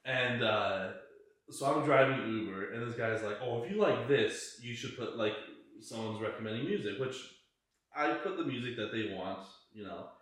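A man's voice: lowish voice, normal speed, a bit bright. Crude rambling man in an echoey room. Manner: crude, rambling, heavy swearing and fillers. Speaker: podcast co-host. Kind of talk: casual podcast chat.

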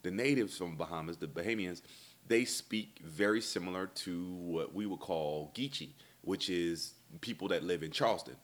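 Deep-voiced man telling a comic story. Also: normal speed. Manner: animated, acts out dialogue in voices. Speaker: stand-up comedian. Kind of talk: storytelling comedy set.

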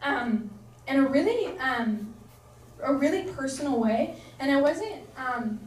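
A woman's voice: sits high, animated, measured pace. A young woman giving a casual, earnest sermon, chatty and full of fillers. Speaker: preacher. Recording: echoey room, voice from far off.

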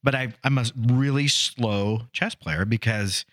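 A man's voice: mid-range voice, measured pace, a bit bright, no echo, clean studio sound. A middle-aged man co-hosting a podcast, joking around and telling stories in a casual chat. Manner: joking, storytelling. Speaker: podcast co-host.

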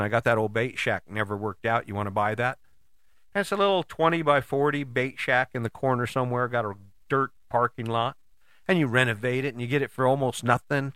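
A man's voice: mid-range voice, pushed and bright, no room sound, studio quality. A man hosting a casual motivational talk, folksy and conversational, often asking rhetorical questions. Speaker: host.

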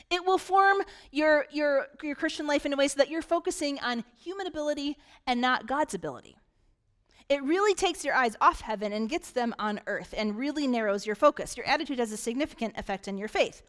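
Woman pastor, high voice, animated, repetitive sermon delivery in church. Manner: animated preaching with emphatic repetition.

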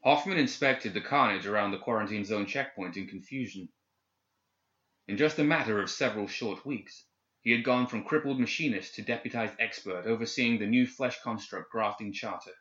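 A man reading a story aloud in steady, measured audiobook narration. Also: lowish voice. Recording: echoey, slightly dull recording.

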